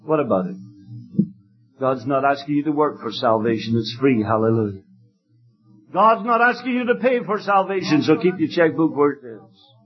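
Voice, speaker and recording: High-pitched fervent male preacher, emphatic storyteller, muffled lo-fi tape with faint music under it. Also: lively intonation, moderate pace. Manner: fervent, emphatic storytelling that swings to loud exclamations. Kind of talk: evangelistic sermon with storytelling.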